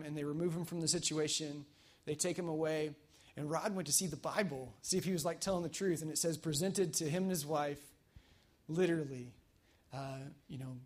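A man preaching a casual, energetic sermon at a church service, telling stories in a chatty way with fillers. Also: on the high side. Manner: energetic, conversational storytelling with fillers. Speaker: pastor.

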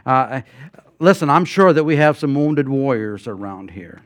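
An older man preaching a sermon as guest pastor, telling personal stories with many fillers and restarts, swinging between loud emphatic passages and quiet asides. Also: medium pitch, lively intonation, unhurried, dry recording, studio quality.

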